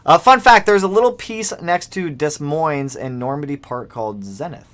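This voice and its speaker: Animated young man hosting a car livestream. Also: a little high, normal speed. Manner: animated, reads donations aloud. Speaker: livestream host. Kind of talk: casual livestream chat.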